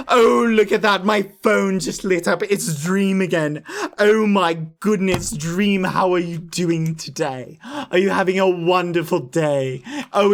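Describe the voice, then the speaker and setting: A man putting on a mock British accent to play a dainty, chatty young man in a slow, teasing impression. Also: high voice.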